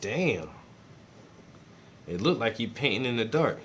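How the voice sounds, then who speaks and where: A man's voice: medium pitch, big pitch swings, unhurried, a bit bright, a little hiss or hum. A man, chatting casually and profanely while he paints, joking and rambling to his viewers. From South Carolina.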